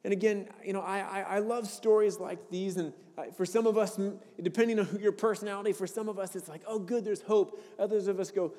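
A man's voice: high voice, steady tone, fast talker, hardly any pauses, warm tone. A male pastor giving a sermon in a church, talking in a conversational, earnest way and often restarting with repeated words. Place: church sanctuary. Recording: long reverb of a large hall.

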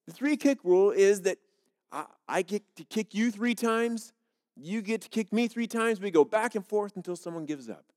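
A man's voice: high voice, animated, moderate pace, a little mellow. A man voicing a plainspoken old farmer from Texas in a laid-back, drawling way while telling a joke in a sermon. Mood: folksy.

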